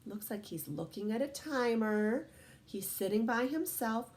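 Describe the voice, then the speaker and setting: A woman teacher reading picture books aloud to young children, gentle and encouraging, often asking them questions. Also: a little high, lively intonation, a little slow. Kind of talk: storybook read-aloud lesson.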